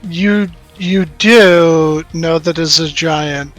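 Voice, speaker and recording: A man's voice: on the high side, drawn-out words, a bit bright, soft background music. A man running a tabletop game as game master, narrating and calling rolls in a laid-back way.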